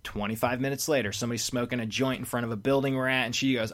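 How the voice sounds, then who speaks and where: Animated storytelling man. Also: medium pitch, very fast. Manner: animated storyteller, blunt opinions. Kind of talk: casual chat, storytelling.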